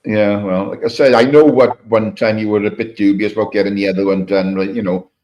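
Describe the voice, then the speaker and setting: A man's voice: on the low side, fairly even intonation, fairly quick, lo-fi sound. A man co-hosting a live stream, chatting in a matey way, asking questions and swearing casually. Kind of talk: casual chat.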